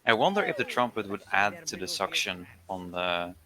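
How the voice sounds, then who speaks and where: A man's voice: deep voice, animated, normal speed, sharp tone. A man casually commentating a speedrun, thinking aloud and speculating with hesitant fillers.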